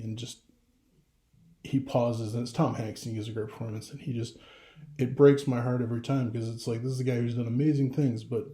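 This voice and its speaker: A man's voice: mid-range voice, warm tone, reverberant. A middle-aged father talking casually to camera, rambling with restarts and getting emotional. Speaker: vlogger.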